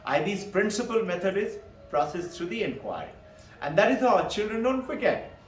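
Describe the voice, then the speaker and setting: A man with a slightly high voice teaches on Vedanta, posing questions and answering them himself. He is recorded from a distance in an echoey room, with faint noise behind him. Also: big pitch swings, moderate pace. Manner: laughs between points, adds "no?" tag questions. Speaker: spiritual teacher.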